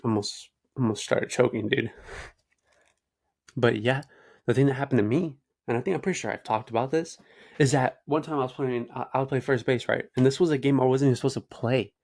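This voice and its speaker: A man's voice: medium pitch, brisk, darkish tone. A young man hosting his own show, telling long, loose stories to the camera in slangy talk full of "like" and "dude". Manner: rambling, slangy, says "dude" and "like" often. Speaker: host. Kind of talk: casual storytelling to camera.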